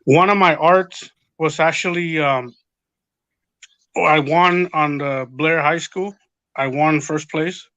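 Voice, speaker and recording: Bright-voiced man, rambling casual chat. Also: fairly high pitch, slow pace, dry recording, dull audio. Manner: rambling, profane, retells quotes. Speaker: podcast guest.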